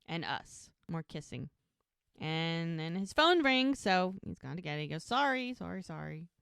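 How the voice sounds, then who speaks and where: A woman's voice: low-pitched, sing-song, a little slow, a bit bright, clean tone, dry recording, studio quality. A woman co-hosting a podcast, casually retelling a TV episode scene by scene, acting out the characters' lines and laughing often. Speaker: podcast co-host recapping a TV episode. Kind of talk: casual chat.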